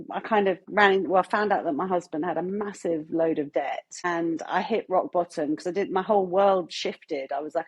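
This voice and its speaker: A woman, telling her own story as an interview guest in an earnest, animated way. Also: mid-range voice, slightly rough. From London, England. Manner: earnest, animated storytelling with quoted self-talk. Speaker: guest artist. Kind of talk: candid interview chat.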